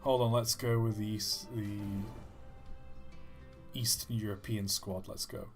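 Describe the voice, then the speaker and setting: A man's voice: fairly low pitch, steady tone, measured pace, faint music behind. A man streaming a game live, thinking aloud as he plays and joking with his chat. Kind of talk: live gameplay commentary.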